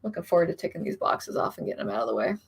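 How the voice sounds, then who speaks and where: A woman's voice: on the low side, very animated, very fast, gravelly, slightly rough. A young adult woman chatting casually on a live stream, reading viewer comments aloud and rambling about her plans. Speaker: author streamer.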